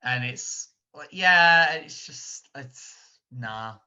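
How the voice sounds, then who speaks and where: A man co-hosting a casual film podcast, rambling and animated as he retells scenes, often laughing. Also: mid-range voice, extremely slow. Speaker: podcast co-host. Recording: dull lo-fi sound.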